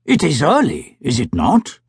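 A man doing a slow, solemn plainsman. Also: on the high side, wildly swooping pitch, vocal fry, breathy edge, no echo, studio quality, voice pushed up, heavily acted. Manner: slow, measured, solemn speech. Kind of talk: audiobook character voice.

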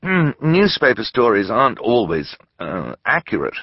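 A man's voice: medium pitch, expressive, normal speed, dry recording, muffled recording, voice pushed up, natural voice. A man voicing a bookish young boy who talks nervously and hesitantly in a storybook reading.

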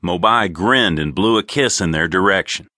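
A man narrating an audiobook in an expressive, crisp storytelling manner. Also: low-pitched, normal speed, no room sound, studio quality. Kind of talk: scripted narration.

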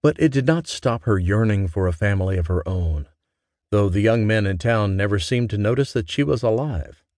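A man reading a romance audiobook as narrator, in a gentle, measured way. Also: on the low side, lively intonation, no room sound, studio quality. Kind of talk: scripted narration.

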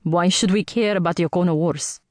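A woman's voice: lowish voice, a little fast, no room sound, clean studio sound, close to an everyday voice. Woman narrator doing indian-accented immortal guy, challenging, kinda nervous. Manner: questioning, challenging.

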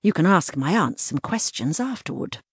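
A woman voicing a brisk aristocratic gentleman detective. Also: sits low, sing-song, slightly rough, dry recording, clean studio sound, exaggerated voice. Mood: brisk, cordial.

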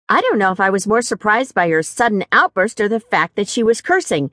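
A woman narrating a first-person mystery audiobook in a wry, expressive way, recorded on a studio mic. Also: mid-range voice, a little fast, few pauses, no echo.

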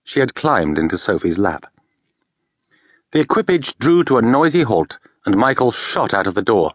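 Brief: male audiobook narrator, mid pitch, very lively delivery, dry studio recording. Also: moderate pace, breathy edge, no echo. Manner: expressive storytelling. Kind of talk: scripted narration.

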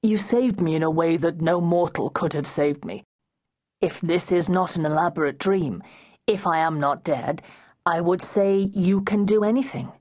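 A woman's voice: fairly low pitch, moderate pace, darkish tone, lightly acted. A woman narrating an audiobook, voicing a shipwrecked male sea captain who asks earnest, searching questions. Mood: questioning.

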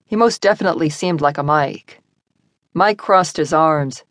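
A woman with a lowish voice reads a contemporary romance in measured, expressive narration. The recording is very dry and close, with no room sound at all. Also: no echo. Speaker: audiobook narrator. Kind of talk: scripted narration.

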